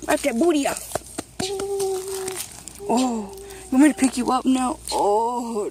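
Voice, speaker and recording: A young mother chats her way through a casual home vlog in a high voice, rambling with fillers and laughing as she talks to her little ones. She films herself one-handed on a handheld camera outdoors at home. A faint hiss of background noise sits under her voice. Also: slow pace, pauses often, darkish tone. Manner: chatty, rambling with many fillers, laughs often, coos at her children. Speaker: vlogger and mother. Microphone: handheld camera, filming one-handed.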